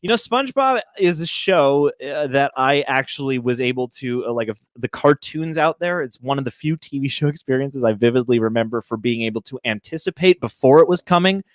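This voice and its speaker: Laid back young dude cohosting a stream, medium voice, dry close sound. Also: male voice, medium pitch, lively intonation, brisk, hardly any pauses, dry recording. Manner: easygoing, joking, frequent fillers. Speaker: livestream co-host. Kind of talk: casual livestream chat.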